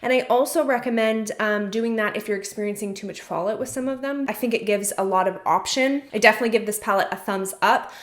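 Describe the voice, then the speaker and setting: A woman's voice: mid-range voice, fast talker, few pauses. A woman chatting enthusiastically through a casual makeup tutorial as a beauty vlogger, talking while she works. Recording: echoey room.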